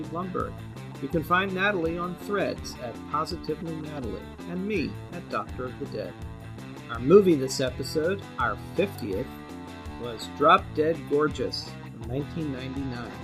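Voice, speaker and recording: A man co-hosting a podcast in casual chat, animated and often laughing as he talks. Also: fairly high pitch, moderate pace, creaky, over music. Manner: animated, laughs while talking. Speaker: podcast co-host.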